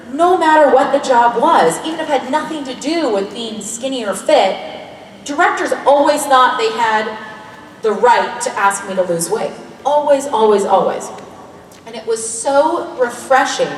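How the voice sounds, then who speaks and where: A Canadian woman in her thirties, an actor answering fan questions on a convention panel in a lively, joking, candid way. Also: fairly high pitch, slight background noise. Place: large convention hall. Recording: echoey hall recording from far off.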